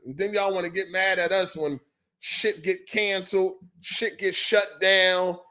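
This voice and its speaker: A man's voice: high-pitched, steady tone, a little slow, bright, forceful tone. A man hosting a gaming podcast livestream, talking on a headset in a loose, profane rant and repeating his points. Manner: profane, ranting, repeats himself. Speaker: podcast host. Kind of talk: casual livestream chat.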